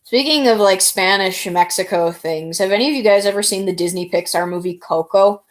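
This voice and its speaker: A woman's voice: medium pitch, brisk. A woman streamer chatting casually, rambling and answering her viewers. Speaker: live streamer. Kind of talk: casual live stream chat.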